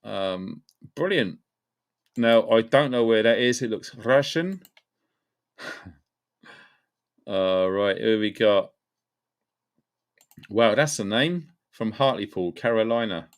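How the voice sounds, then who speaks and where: A man's voice: lowish voice, animated, slow pace, long pauses. A man hosting a live stream, chatting casually and greeting viewers one by one by name and place. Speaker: livestream host.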